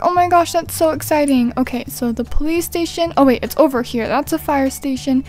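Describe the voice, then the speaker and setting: A woman giving casual, bubbly gameplay commentary, gasping with excitement as she explores a game. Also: sits high, moderate pace. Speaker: gaming YouTuber.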